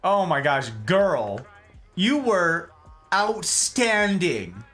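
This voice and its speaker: A playful young male streamer jokes his way through a game with theatrical flair. His bright, lively voice swoops up and down at an unhurried pace, with faint game music underneath. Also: fairly high pitch. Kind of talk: casual gameplay commentary.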